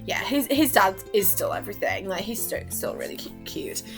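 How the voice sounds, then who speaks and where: A young woman chatting casually as a vlogger, excitable and gushing, laughing often and acting out lines. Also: mid-range voice, moderate pace, vocal fry, music in the background. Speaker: vlogger reviewing a TV season. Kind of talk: casual chat.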